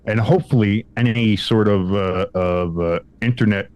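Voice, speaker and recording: A man's voice: normal speed, dull audio. A man co-hosting a sports podcast, casually telling a long story with profanity and acting out the quoted lines. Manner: animated, acts out quotes with big pitch jumps; profane, frequent restarts. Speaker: podcast co-host.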